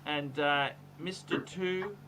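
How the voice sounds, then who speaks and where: A man's voice: fairly high pitch, takes it slowly, pushed and bright, slight background noise, rough recording. A man hosting a casual livestream, effusive and chatty, reading out viewer messages. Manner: effusive, reads out super chats. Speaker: livestream host.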